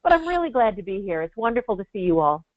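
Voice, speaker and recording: A woman's voice: mid-range voice, big pitch swings, fast talker, no room sound. Chatty woman on a tinny web call. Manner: chatty, self-deprecating humor. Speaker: guest presenter. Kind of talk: casual webinar chat. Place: home office. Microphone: video call. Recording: tinny phone-like web call audio, dry.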